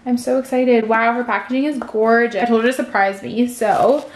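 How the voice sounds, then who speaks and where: A woman vlogging casually at home, gushing and excitable as she talks to the camera. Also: a little high, moderate pace, few pauses, roomy sound. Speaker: lifestyle vlogger. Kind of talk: casual vlog narration to camera. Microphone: vlog camera mic.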